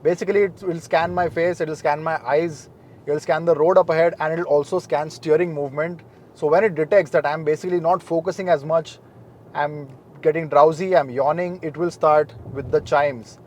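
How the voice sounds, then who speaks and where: Measured man reviewing a car. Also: a little high, fairly even intonation, darkish tone, a little hiss or hum. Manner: measured, informative, matter-of-fact.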